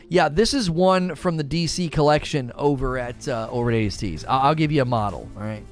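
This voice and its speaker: A man hosts a livestream, chatting casually with viewers and reading their comments aloud at a brisk pace with few pauses. He's animated, breaking into sudden high-pitched bursts when quoting, and his thoughts tend to trail off quietly at the end.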